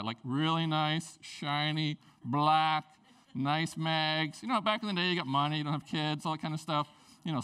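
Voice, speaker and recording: A male pastor giving a sermon, lively and joking, mixing scripture with personal stories. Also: a little high.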